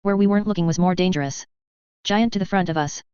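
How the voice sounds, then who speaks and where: Clear, low-voiced woman reading a novel. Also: quick pace, darkish tone, no echo. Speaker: audiobook narrator. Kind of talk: first-person novel narration. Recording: slightly dull, dry close recording.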